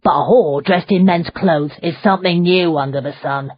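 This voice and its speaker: A woman voicing a greedy, coarse male London coachman who complains loudly, in an audiobook. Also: lowish voice, normal speed, no room sound, highs cut off, close to an everyday voice. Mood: sneering. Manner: grumbling, coarse, loud complaints. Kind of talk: audiobook character voice.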